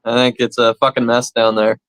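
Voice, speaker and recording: A Canadian man in casual podcast chat, blunt and quick to swear. His voice sits at an ordinary middle pitch. The sound is close and dry, with no room around it. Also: monotone, fairly bright tone, no echo, low-quality recording. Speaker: comedy podcast co-host.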